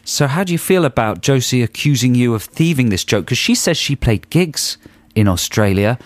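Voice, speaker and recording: A man's voice: medium pitch, no echo. A man co-hosting a radio show, teasing and stirring up a caller in casual banter. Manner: teasing, mischievous. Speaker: radio host. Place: radio studio.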